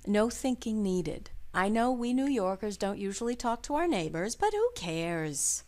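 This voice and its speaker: Chatty, lively motherly neighbor. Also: medium pitch, unhurried. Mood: caring. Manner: warm, chatty and gently prying. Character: friendly, motherly, nosy female neighbor with a dog. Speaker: game character voice. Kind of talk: video game voice acting.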